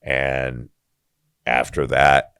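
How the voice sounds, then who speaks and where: A man's voice: a bass voice, flat delivery, very slow, a bit bright, clean tone, dry recording, clean studio sound. A man telling his story as a podcast guest in blunt, profane casual talk, acting out the dialogue as he goes.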